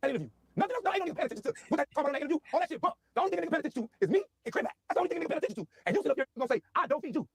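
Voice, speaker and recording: A man ranting casually in heavy slang, repeating himself as he talks fast through a story. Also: very high-pitched, very animated, no echo, clean studio sound. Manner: rapid, slangy, repetitive. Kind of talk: casual rant.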